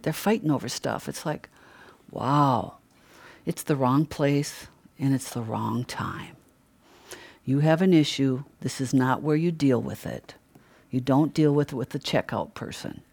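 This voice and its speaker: A woman's voice: deep voice, darkish tone. An older woman preaching a conversational sermon, chatty, asking rhetorical questions and laughing often.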